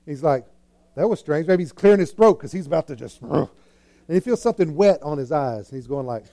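A male preacher delivers a sermon in a high-pitched, warm, mellow voice. He tells the story dramatically, acting out the characters and shifting between hushed asides and loud, excited bursts. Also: fairly quick, gravelly. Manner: animated storytelling, acting out scenes with swings in loudness.

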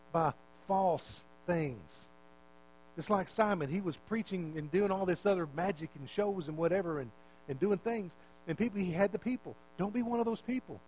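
Male preacher, high-pitched, casual sermon delivery with questions to the congregation. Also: darkish tone, a little hiss or hum, low-quality recording. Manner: conversational, repeats words, asks the listeners questions.

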